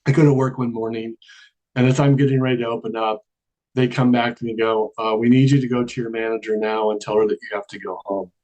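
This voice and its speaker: A man's voice: medium pitch, steady tone, fast, darkish tone, dull audio. A man telling a long personal story in a casual interview, acting out the dialogue and laughing often. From Charleston area, American South. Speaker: guest.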